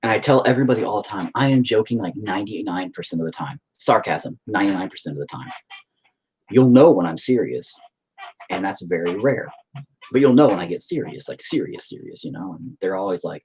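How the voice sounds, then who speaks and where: A man's voice: lowish voice, very animated, fairly quick, a little mellow, a little hiss or hum. A man hosting a painting livestream from home, talking in a rambling, sarcastic, self-mocking way with plenty of swearing. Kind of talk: casual chat while painting.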